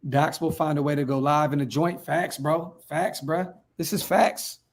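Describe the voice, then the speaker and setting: On a relaxed fan livestream, a hyped Northern Californian man reads viewer comments out loud and replies, speaking in slang and repeating phrases a lot. His voice runs a little high for a man, with fairly even intonation at a moderate pace.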